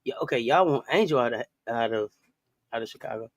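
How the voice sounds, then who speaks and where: A man's voice: medium pitch, expressive, brisk, no echo. A man hosting a casual sports talk stream, playful and repetitive, laughing often. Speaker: podcast host.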